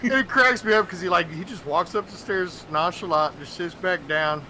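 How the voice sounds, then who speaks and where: A man's voice: high voice, normal speed, bright, forceful tone, slight background noise, poor audio. A man chatting with a friend while gaming, telling stories animatedly and swearing freely. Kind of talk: casual chat while gaming.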